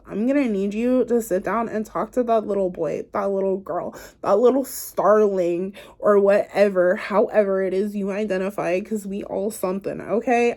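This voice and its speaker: Tarot reader, woman, warm low-key tone, chatty and reassuring, addresses the viewer directly. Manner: chatty, encouraging, talks straight to the viewer; loose and playful, says "like" and "y'all". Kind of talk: casual spiritual card reading to camera.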